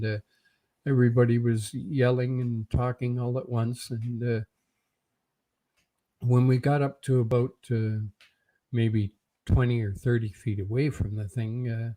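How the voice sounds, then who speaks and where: Older man with a dark, halting voice. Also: mid-range voice. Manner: halting, frequent fillers. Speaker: interview guest. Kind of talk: recounting a personal story.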